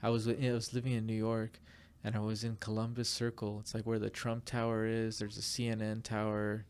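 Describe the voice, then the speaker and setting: A man casually telling a rambling, animated story on a podcast, full of fillers. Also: on the low side, brisk, smooth. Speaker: podcast guest.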